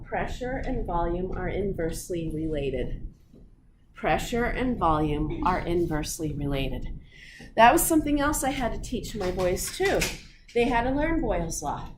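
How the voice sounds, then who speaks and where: A middle-aged woman teaching physiology to a class, telling animated stories and acting them out. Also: medium pitch, measured pace. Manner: animated, acts out her stories. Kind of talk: classroom lecture with storytelling. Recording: echoey room, audible room noise.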